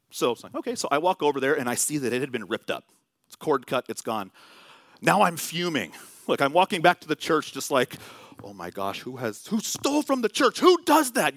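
A man's voice: medium pitch, a bit bright, dry recording. A man preaching a sermon in a church, telling stories in a loose, conversational way with many fillers. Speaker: pastor. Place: church sanctuary.

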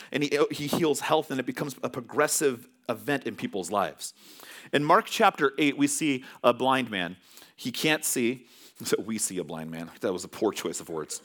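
Animated conversational male pastor. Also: medium pitch. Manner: conversational storytelling with animated swings. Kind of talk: sermon.

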